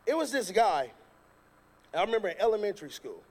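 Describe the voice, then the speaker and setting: High-pitched male preacher who tells jokey stories in his sermon, lively and loud at times. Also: brisk, husky. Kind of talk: sermon with comic storytelling.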